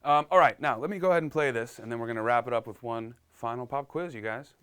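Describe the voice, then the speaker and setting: A man's voice: mid-range voice, fast, a bit bright, smooth. Upbeat man teaching piano live. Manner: upbeat, reads viewer comments aloud. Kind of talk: live-streamed piano lesson.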